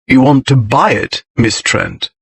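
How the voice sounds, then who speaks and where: A man's voice: mid-range voice, a little slow, slightly rough. A man voicing a big, brooding aristocrat who drawls with sardonic wit.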